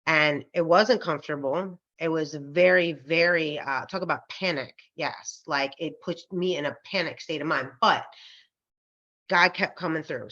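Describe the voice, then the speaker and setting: A woman co-hosting a podcast and telling a personal faith story in a casual, animated way, acting out the voices she quotes and laughing often. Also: low-pitched. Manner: faith-centered, frequent fillers like um and like. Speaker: podcast co-host. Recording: slightly dull, lo-fi podcast recording.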